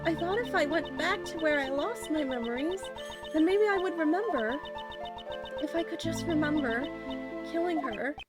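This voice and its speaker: Meek teenage girl with memory loss, voiced by a woman streamer; high voice, lofi music underneath. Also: animated, normal speed. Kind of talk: reading game dialogue aloud. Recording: lofi music playing behind.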